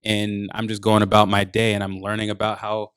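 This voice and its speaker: A man's voice: lowish voice, monotone, brisk, fairly bright tone, clean tone, no echo, studio quality. A man chatting casually on a podcast as a meditation and wellness coach, laid-back and full of filler words.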